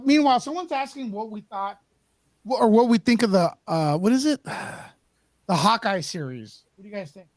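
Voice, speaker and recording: A man's voice: high voice, no echo. A man hosting a livestream, casual and teasing as he greets viewers. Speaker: host. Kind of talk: livestream chat. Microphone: camera, standing.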